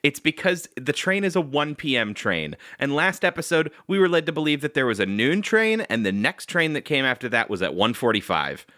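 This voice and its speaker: Bright, lively man on a podcast. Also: fairly high pitch, dry recording, clean studio sound. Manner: animated, quick to laugh, self-mocking. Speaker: podcast host recapping a cartoon episode. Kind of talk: casual chat.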